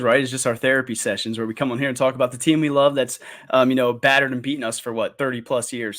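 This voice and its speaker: Fast-talking podcast co-host man. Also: medium pitch, a bit bright. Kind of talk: casual sports podcast chat.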